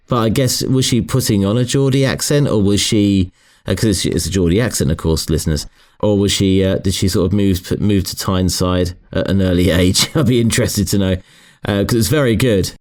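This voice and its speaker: Hesitant low-voiced male podcast co-host. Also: darkish tone. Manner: hesitant, many restarts. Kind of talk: casual chat.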